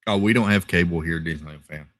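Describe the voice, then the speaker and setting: A man hosting a casual live stream from home, reading viewer comments in a relaxed, chatty way with lots of fillers and repeated thank-yous. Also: low-pitched, fast, dry recording. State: tired, yawning. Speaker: livestream host. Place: home, rural area.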